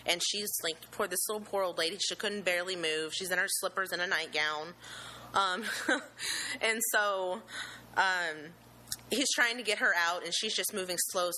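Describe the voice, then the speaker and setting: A young woman tells her story in a lowish voice that still rings bright and forward. She sounds nervous and halting, with frequent "um"s and false starts. Her delivery stays earnest and heartfelt. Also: poor audio. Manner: nervous and halting, with many "um"s and restarts; earnest and emotional, with religious gratitude. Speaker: eyewitness telling her story. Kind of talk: personal account, unscripted.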